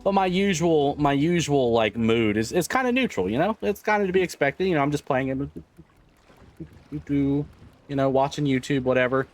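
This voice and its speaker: A man's voice: on the high side, expressive, normal speed. Laughing, swearing man streamer. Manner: laughs often, swears freely, rambling with restarts. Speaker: livestreamer. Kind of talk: casual chat with stream viewers.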